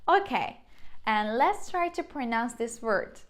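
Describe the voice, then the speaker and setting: A young woman with a Turkish accent, teaching a beginner lesson on how to pronounce vowels, slowly repeating each sound. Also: on the high side, animated. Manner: slow, patient, repeats sounds, exaggerated mouth demonstrations. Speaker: language teacher.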